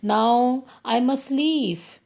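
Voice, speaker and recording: A woman's voice: on the high side, animated, very slow, creaky, a little mellow, exaggerated voice. Woman doing an old, sad but kind donkey. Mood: plaintive.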